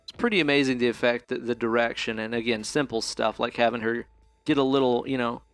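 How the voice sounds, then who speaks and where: A man's voice: medium pitch, fairly even intonation, quick pace, smooth, no echo, faint music behind. A man co-hosting a podcast, chatting casually and enthusiastically about a movie, rambling a bit and swearing now and then. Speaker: podcast co-host. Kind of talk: casual movie review chat.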